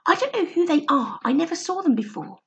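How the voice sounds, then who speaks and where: A woman voicing an excited, impulsive young boy in a storybook reading, in a creaky voice. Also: a little fast, lo-fi sound, full character voice. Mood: protesting. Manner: high excited exclaiming.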